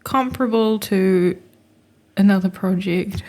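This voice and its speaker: A woman's voice: mid-range voice, unhurried, darkish tone. Woman ranting about a movie on a podcast, laughs a lot. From Australia. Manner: laughing, mocks accents with put-on voices. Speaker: podcast co-host. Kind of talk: casual chat.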